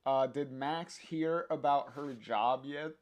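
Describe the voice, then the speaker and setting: A man's voice: mid-range voice, slow pace, lightly acted. A man voicing a friendly young woman drummer, reading her lines plainly with fillers.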